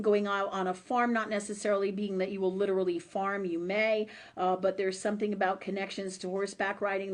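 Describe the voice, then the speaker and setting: A woman hosting a live-stream show and giving psychic readings, talking in a loose, chatty way with fillers and tag questions and the odd curse word. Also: medium pitch. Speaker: host and psychic reader.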